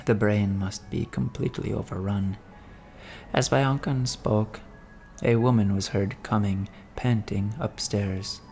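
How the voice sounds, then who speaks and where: A man giving a measured, solemn reading of a classic novel as an audiobook narrator. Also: fairly low pitch, fairly even intonation, gravelly, darkish tone, soft background music.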